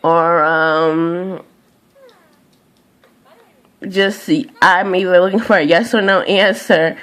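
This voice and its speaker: Gravelly young woman ranting, profane. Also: fairly low pitch. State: tired. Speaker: vlogger. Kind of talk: venting monologue to camera.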